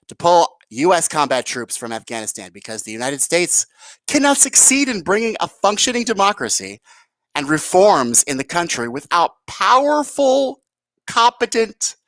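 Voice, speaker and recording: Brief: male commentary host, sarcastic and sweary, very lively pitch, dry close sound. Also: no echo. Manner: sarcastic, profane, rambling. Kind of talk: rambling live-stream commentary.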